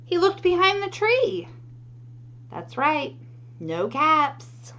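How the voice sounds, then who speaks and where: Brief: lively children's storyteller, woman, high singsong voice, unhurried, lo-fi sound with faint hum. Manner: animated, asks the listeners questions. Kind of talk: reading a picture book aloud to children.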